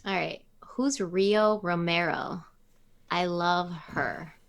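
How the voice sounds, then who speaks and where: Woman on a live stream, casual and teasing, reads the chat out loud. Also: lowish voice, takes it slowly, creaky.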